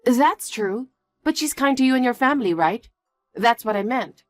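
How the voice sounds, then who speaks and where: A woman's voice: on the high side, animated, moderate pace, faint music behind, lightly acted. A woman voicing an earnest young engaged woman who pleads and questions in scripted story dialogue. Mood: pleading. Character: young woman engaged, hurt but firm.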